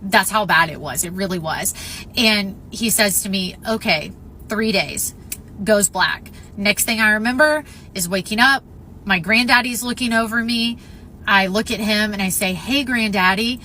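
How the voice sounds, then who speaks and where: Woman, personal testimony, bright and clear, emphatic, a faint hiss behind her. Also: mid-range voice, moderate pace. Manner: earnest, emphatic, with frequent "um" and "if you will". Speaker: storyteller sharing a near-death experience.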